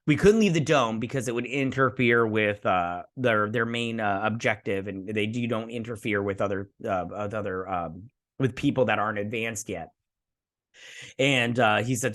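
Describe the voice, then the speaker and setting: A man hosting a show, excitedly recapping an episode like a gushing fan, with lots of fillers and restarts. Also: lowish voice, moderate pace. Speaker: host.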